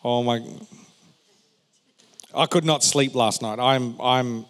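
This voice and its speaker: A male pastor preaching a sermon, swinging between emphatic raised phrases and quiet, joking asides to the congregation. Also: medium pitch, steady tone, takes it slowly. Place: church hall. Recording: long reverb of a large hall.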